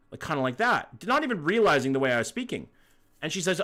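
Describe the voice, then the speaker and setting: A man's voice: a little high, very animated, quick pace, pushed and bright. A young Canadian man with a Canadian accent, streaming and chatting casually, blunt and swearing freely while answering his chat.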